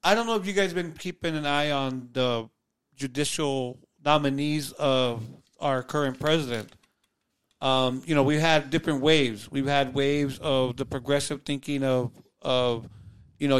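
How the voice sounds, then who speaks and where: A man's voice: medium pitch, fairly even intonation, a little slow, clean tone. A man co-hosting a podcast, joking around in a loose, chatty way in casual political chat. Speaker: podcast co-host.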